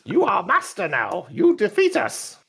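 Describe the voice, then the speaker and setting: A man's voice: high-pitched, wildly swooping pitch, unhurried, creaky, fairly bright tone, slightly rough, voice pushed up, full character voice. A man voicing a small, eager robot droid that talks in stiff, formal phrases to its new master. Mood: earnest. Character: eager little male robot droid, servile and earnest.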